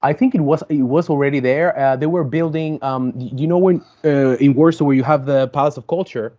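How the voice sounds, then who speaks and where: A man's voice: a little high, fairly quick, mellow. A man talking as a podcast guest in a casual, hesitant way, with lots of fillers and restarts. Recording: dull lo-fi sound.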